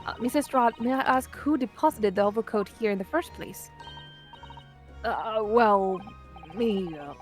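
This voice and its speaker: A woman's voice: medium pitch, a little slow, soft background music, natural voice. Woman doing a brash cockney street girl. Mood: cheeky. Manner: brash, dropped-h slangy talk.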